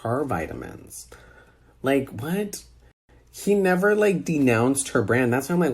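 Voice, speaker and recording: A man rants into a phone held close, exasperated and incredulous, stacking one rhetorical question on another. His voice is a little husky. His pitch leaps around, animated and lively. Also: measured pace. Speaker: social media personality. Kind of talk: phone-recorded rant.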